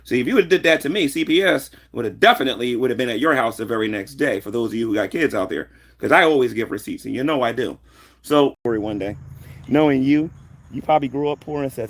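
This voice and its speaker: A man's voice: medium pitch, lively intonation, quick pace. Mocking man in a confrontational rant. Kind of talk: ranting monologue.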